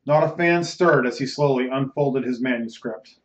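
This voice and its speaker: A man reading a novel aloud as host of a bedtime reading show, measured and dramatic. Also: mid-range voice. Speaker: audiobook reader, host. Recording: roomy, slightly muffled recording.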